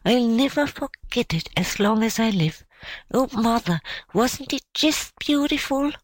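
Woman playing little girl, high and breathless, gushing, dry close sound. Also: expressive, a little slow, dry recording. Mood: rapturous. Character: little girl, shy and overjoyed.

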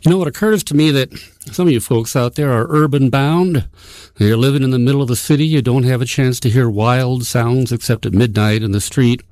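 A man's voice: mid-range voice, fairly quick, darkish tone. A man hosts a folklore radio program in a folksy, homespun way. He rambles and restarts as he tells his stories. The studio sound is dry and close, with no room echo.

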